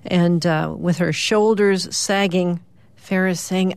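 A middle-aged woman, a radio host, describing the morning's comic strips aloud in a lively storytelling way. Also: fairly low pitch, slow, no echo. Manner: lively storytelling, lifting her voice for characters' lines.

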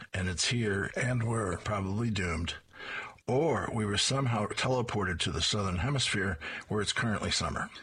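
A man's voice: fairly low pitch, pushed and bright, husky. A middle-aged man reading newspaper comic strips aloud, describing each frame and lightly voicing the characters' lines.

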